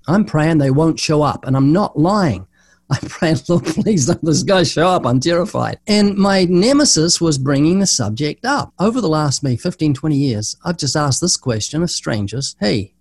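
A man's voice: on the high side, dry recording. An older man, a guest evangelist, answering interview questions and telling stories in which he acts out the dialogue. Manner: animated storyteller acting out dialogue.

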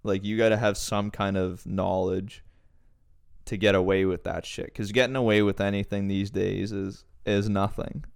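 A man's voice: lowish voice, flat delivery, moderate pace, gravelly, clear, resonant tone, no room sound, studio quality. A man in casual chat, laid back and blunt, cracking crude jokes. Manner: laid-back listener, short backchannels, blunt swearing jokes.

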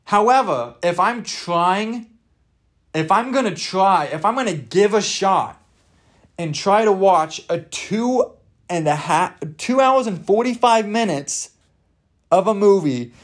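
A man's voice: high voice, expressive, slow pace. Rambling joking young man on a podcast. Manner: hyperbolic, rambling, jokey, swears freely. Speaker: podcast host. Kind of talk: casual comedic rant.

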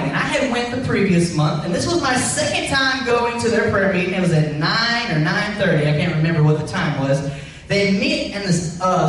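A man preaching a sermon, telling a personal testimony with animated, rising emphasis. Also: high voice, a little hiss or hum. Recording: echoey room, voice from a distance.

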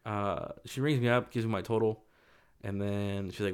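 Low-voiced man telling a rambling story. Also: fairly even intonation, moderate pace, smooth. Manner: loose and rambling, full of fillers, acts out voices in quotes. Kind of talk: casual storytelling chat.

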